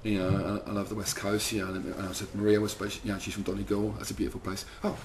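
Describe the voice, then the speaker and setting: A man's voice: fairly low pitch, little pitch movement, quick pace, a little hiss or hum. A man, telling rambling, swearing anecdotes in an interview. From London, second generation Irish. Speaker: band member. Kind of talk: casual interview storytelling.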